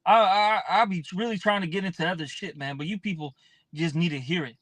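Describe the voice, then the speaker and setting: A man's voice: high voice, a little fast, fairly bright tone. A man teaching from scripture in a blunt, profane, casual preaching style, often tossing in "man".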